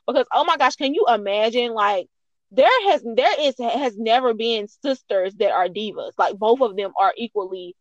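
Animated woman dishing gossip, dull sound. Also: a little high, normal speed, dry recording. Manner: animated, acts out quotes with sassy asides. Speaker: co-host. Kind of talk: casual gossip chat.

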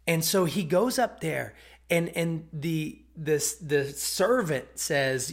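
A man's voice: fairly high pitch, measured pace, gravelly. Chatty man preaching a Bible story. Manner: conversational, checks in with "okay?" and "right?"; repeats and restarts words as he retells. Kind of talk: casual sermon storytelling.

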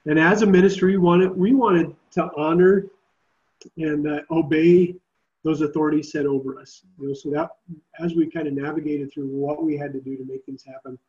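A man's voice: a little high, steady tone, moderate pace, darkish tone, lo-fi sound. A man who leads a Christian summer camp, speaking earnestly and reflectively in an interview. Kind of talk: podcast interview.

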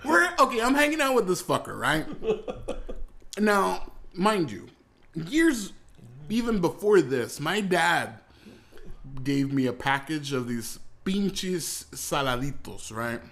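A man's voice: a little high, very animated, takes it slowly, fairly bright tone. A man telling a childhood story in casual chat, swearing and laughing as he goes.

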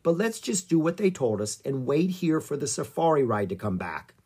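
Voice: medium pitch, very animated, normal speed, warm tone, husky. Give me a cautious young boy from a storybook, sensible and worried, as the reader puts him on. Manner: cautious, reasoning.

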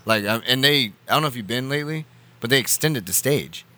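A man's voice: medium pitch, lively intonation, a little fast, bright, forceful tone. A man on a podcast, casually recounting a night out in rambling, profanity-laced talk full of fillers. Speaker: podcast co-host. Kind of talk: casual chat.

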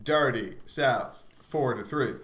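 A man's voice: mid-range voice, slow pace, a bit bright, reverberant. A man co-hosting a podcast, teasing the host and swearing as he makes his picks. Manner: teasing, profane. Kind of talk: rowdy casual podcast banter.

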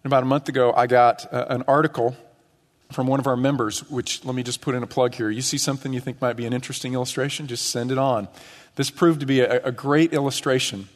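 Middle-aged guy preaching, earnest, gets emphatic then drops low, big church echo. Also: fairly even intonation, quick pace. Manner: earnest, rising to emphatic questions and dropping low on key phrases. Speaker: pastor. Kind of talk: sermon. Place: church sanctuary. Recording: long church reverb.

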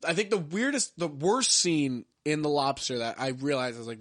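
In a clean, dry studio recording, a podcast host with a voice on the high side and a bit bright talks at a moderate pace. He rambles through a casual movie-ranking chat, using plenty of filler words.

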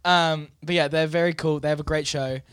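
Higher-voiced man in giggly casual podcast chat. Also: steady tone, brisk, fairly bright tone, clean tone, dry recording. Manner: rambling, giggly, many ums. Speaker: podcast co-host.

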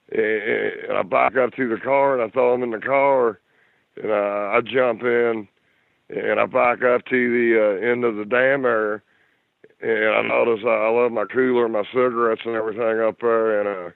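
A middle-aged man from Kentucky with a Kentucky accent, telling a story in a halting way full of fillers and restarts. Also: mid-range voice, steady tone, vocal fry, no echo. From Louisville, Kentucky. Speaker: guest telling encounter story. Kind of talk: casual storytelling. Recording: tinny phone line.

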